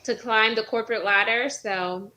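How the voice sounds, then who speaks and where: A woman's voice: fairly high pitch, fairly even intonation, moderate pace, sharp tone. A woman guest on a podcast, chatting casually in an upbeat, encouraging way. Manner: upbeat and encouraging, motivational phrasing. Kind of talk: casual chat.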